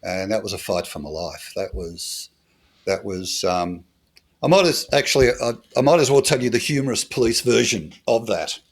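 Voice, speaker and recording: A middle-aged Australian man with a low, deep voice recounts stories from his years as a bush police officer in an unhurried interview. His anecdotes are dry and humorous and full of "uh" and "um." His intonation is lively, with a breathy edge.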